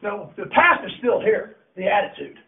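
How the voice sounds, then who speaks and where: A man coaching a high school team, shouting and swearing as he berates his players in a locker room. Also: big pitch swings, normal speed, vocal fry, background noise. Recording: echoey, distant, tinny phone-like audio.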